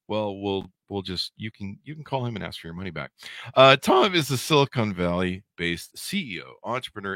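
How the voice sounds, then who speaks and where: A man's voice: lowish voice, pushed and bright, no room sound. A man hosting a podcast in a jokey, rambling way, full of self-mocking asides. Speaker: podcast host. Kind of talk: casual podcast chat.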